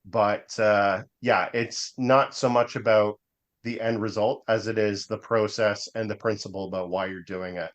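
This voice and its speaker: A man co-hosting a podcast in casual chat, hesitant with many fillers, slowing down when he turns reflective. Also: fairly low pitch, steady tone. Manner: hesitant, many ums and uhs, drifts into slow reflective stretches. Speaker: podcast co-host.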